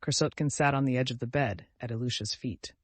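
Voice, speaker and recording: A man narrating a classic novel as an audiobook, in a measured storytelling manner. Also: mid-range voice, dry recording.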